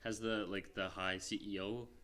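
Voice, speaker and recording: A man's voice: on the low side, level tone, normal speed, fairly bright tone. A man co-hosting a film podcast in casual chat, rambling with lots of fillers and restarts. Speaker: podcast co-host.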